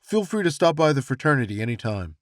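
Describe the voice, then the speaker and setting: A laid-back, charming young college guy who lays the charm on thick yet speaks with open sincerity, as a male narrator plays him. His voice stays close to a plain, mid-pitched male tone with lively inflection. The sound is dry and close, like an audiobook romance. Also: fast, no room sound, close to an everyday voice.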